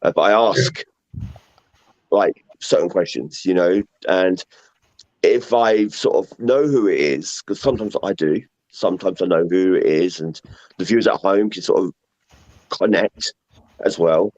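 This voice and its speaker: A man's voice: sits low, expressive, unhurried, a little mellow, no echo. A man with a London accent, a guest talking about paranormal investigating in a casual, rambling way full of fillers and repeats. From England. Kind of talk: casual chat. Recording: muffled lo-fi audio.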